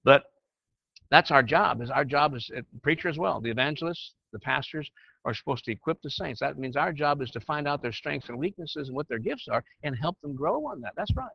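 A gravelly, breathy-edged voice of fairly high pitch comes from an older man speaking animatedly and a little fast. He counsels and instructs church leaders, teaching a group informally in a conversational, folksy style that becomes preachy. The recording is dry, muffled, and lo-fi with no room sound.

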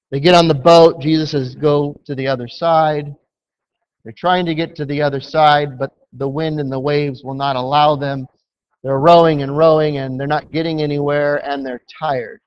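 A man delivers a sermon at an unhurried pace, leaning hard on key words and acting out the lines of the story. His voice sits a little high. The recording is dull and lo-fi. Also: clean tone. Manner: emphatic, storytelling with acted quotes. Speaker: preacher. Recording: dull lo-fi sound.

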